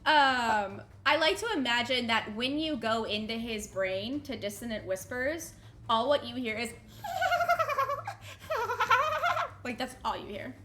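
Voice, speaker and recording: A woman running a tabletop role-playing game as game master, chatting casually with quick, lively, laughing asides. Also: fairly high pitch, background noise.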